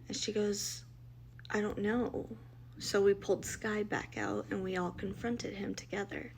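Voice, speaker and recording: A woman's voice: mid-range voice, flat delivery, moderate pace, creaky, a little hiss or hum. A middle-aged woman, a mother, telling her family's story in a blunt, emotional way, acting out the dialogue as she goes. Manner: emotional, blunt, quotes others in dialogue, many restarts. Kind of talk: personal storytelling.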